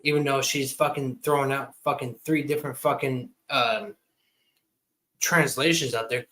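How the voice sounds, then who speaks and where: A man's voice: mid-range voice, fairly even intonation, normal speed, pushed and bright, poor audio. A drunk man in his twenties, a livestream guest, ranting heatedly and swearing constantly in casual chat. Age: 20s.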